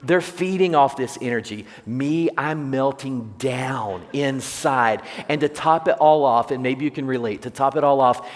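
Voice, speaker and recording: A man's voice: mid-range voice, fairly quick, hardly any pauses. A man preaching a sermon, telling humorous personal stories and asking the congregation questions. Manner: jokey storyteller, asks the congregation questions. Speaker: pastor. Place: large church sanctuary. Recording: long church hall reverb.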